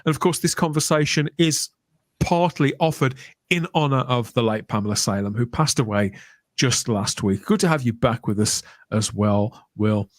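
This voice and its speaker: A man's voice: medium pitch, lively intonation, normal speed, no echo. A man hosting a live review stream, reading out viewer comments between his own remarks. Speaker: podcast host.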